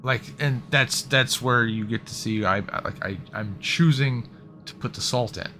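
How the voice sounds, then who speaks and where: A man's voice: mid-range voice, measured pace, pushed and bright, a little hiss or hum. A man in casual conversation, talking hesitantly and stammering, repeating words as he thinks.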